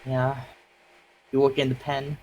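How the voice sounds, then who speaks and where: A man's voice: medium pitch, monotone, a little slow, dark tone, low-quality recording. A man bantering casually on a stream, teasing and swearing freely. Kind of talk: casual chat.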